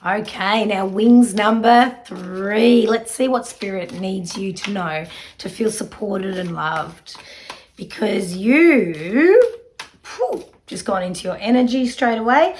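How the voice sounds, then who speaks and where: A middle-aged woman, giving a spiritual card reading in a soft, earnest, reassuring way with many fillers. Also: medium pitch, unhurried. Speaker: psychic card reader.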